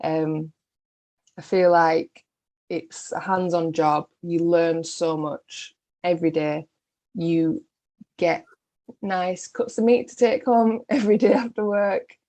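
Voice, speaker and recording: Low gravelly-voiced woman, chatty. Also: fairly even intonation, takes it slowly, dark tone. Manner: chatty, laughs often. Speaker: butcher, podcast guest. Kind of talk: casual interview chat.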